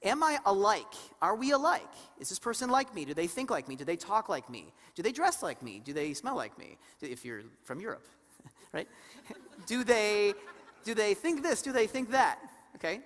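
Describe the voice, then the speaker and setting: A woman co-presenting a live seminar, animated and engaging the audience with questions and acted-out stories. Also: medium pitch, moderate pace. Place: conference hall before an audience. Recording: reverberant hall sound.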